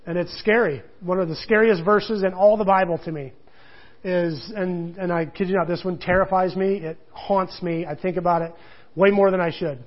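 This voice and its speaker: A male pastor preaching a sermon in a rambling, animated storytelling way, full of restarts. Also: high-pitched, normal speed. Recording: muffled lo-fi recording.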